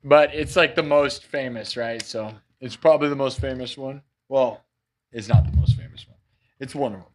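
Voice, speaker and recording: A man's voice: medium pitch, moderate pace, slight background noise. A man hosting a live music stream, chatting with his viewers in a joking, rambling and playfully defensive way. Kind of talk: casual chat with live chat viewers. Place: home studio, live stream.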